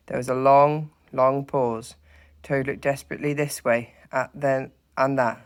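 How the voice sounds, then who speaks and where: Teacher reading a kids' story out loud, steady and expressive, trips over a word now and then. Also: mid-range voice, unhurried. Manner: steady expressive narration with slips. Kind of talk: storybook read-aloud.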